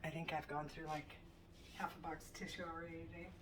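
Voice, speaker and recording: A middle-aged woman chatting casually in her home kitchen while she cooks, telling a story with animated quoted lines and the odd swear. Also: sits low, fast talker. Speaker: home cooking vlogger. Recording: distant mic, faint room noise.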